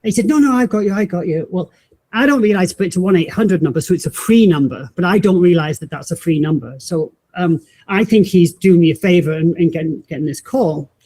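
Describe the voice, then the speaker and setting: A woman, a podcast guest telling a personal story in animated fashion, acting out the voices of people she met and often restarting her sentences. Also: lowish voice, brisk. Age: 50s. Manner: acts out quoted voices, frequent restarts.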